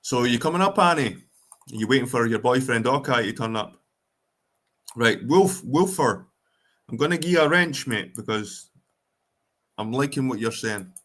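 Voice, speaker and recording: A man's voice: mid-range voice, animated, moderate pace, pauses often, fairly bright tone. Sweary Scottish man ranting on a livestream. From Scotland. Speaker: livestream host. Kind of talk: casual ranting livestream chat.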